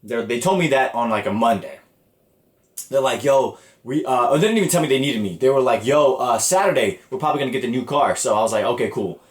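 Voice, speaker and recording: A man's voice: medium pitch, fast. A young man hosting a podcast, telling a story casually and with a lot of swearing. He sounds exasperated as he acts out the conversations. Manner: animated, profane, exasperated retelling with quoted dialogue. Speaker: podcast host. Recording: roomy echo.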